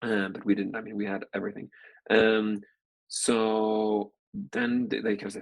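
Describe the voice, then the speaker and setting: A man's voice: lowish voice, expressive, normal speed, vocal fry, lo-fi sound. A man in his forties, a venture capital partner, telling a long story in a casual interview, rambling with lots of "like" fillers.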